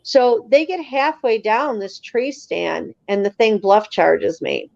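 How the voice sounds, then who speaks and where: An animated woman guest recounts a tense story in a casual, emphatic way, often slipping into the voices of those involved. Her voice sits at an ordinary middle pitch. The audio is dull and lo-fi with a dry, close sound. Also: takes it slowly, creaky, no echo. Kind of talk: casual spoken storytelling on a live show.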